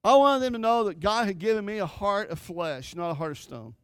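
Male pastor, middle-aged, high voice, fervent sermon, dry close sound. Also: lively intonation, brisk, fairly bright tone, clean tone, no echo. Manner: impassioned preaching, rising and falling emphasis.

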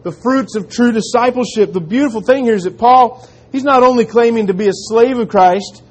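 A man preaching a sermon in an earnest manner, dropping to quiet, slow emphasis on key lines. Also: extremely high pitch. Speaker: pastor.

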